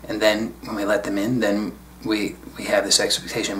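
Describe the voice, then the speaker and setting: A man speaking as a spiritual teacher in a solo video talk, reflective and unhurried with casual asides. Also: fairly low pitch, fairly even intonation, a bit bright, a little hiss or hum.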